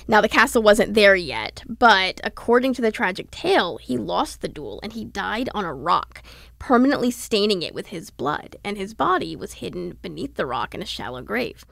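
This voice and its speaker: A woman's voice: mid-range voice, very animated, moderate pace, gravelly, fairly bright tone, dry recording, studio quality. A woman reporter on a podcast, telling local legends and history in a detailed, storytelling manner.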